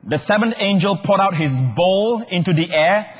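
Animated preacher man, husky voice. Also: high-pitched, moderate pace. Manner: animated, calls out questions and shouts key words. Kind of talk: sermon. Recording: long hall reverb.

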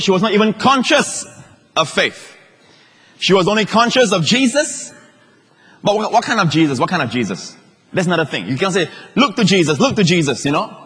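Emphatic preacher man, husky, hall echo. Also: high voice, lively intonation, normal speed, long pauses. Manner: emphatic, repeats phrases, swings from shouting to hushed asides. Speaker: pastor. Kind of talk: sermon. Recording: long reverb of a large hall.

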